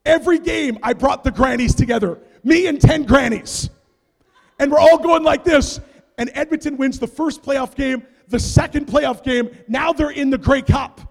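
High-voiced preacher man in a reverberant hall. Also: normal speed, creaky. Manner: animated storyteller, swings from hushed asides to shouts. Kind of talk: sermon storytelling. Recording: long reverb of a large hall.

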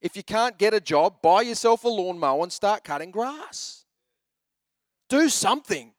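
Brief: lively male pastor in his thirties, joking sermon delivery, slightly high voice, dry close sound. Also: moderate pace, dry recording. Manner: animated, joking storyteller who shifts into exhortation.

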